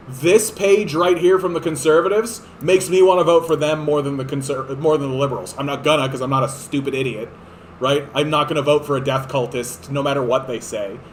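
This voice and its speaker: A man's voice: on the high side, slight background noise. A man giving a sarcastic, profane, exasperated rant of political commentary. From Canada.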